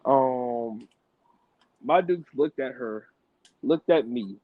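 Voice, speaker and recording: A man's voice: medium pitch, takes it slowly, noisy background. A man hosting a podcast, telling a casual story with loose slang, lots of restarts and fillers. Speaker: podcast host. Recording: dry tinny phone-like audio.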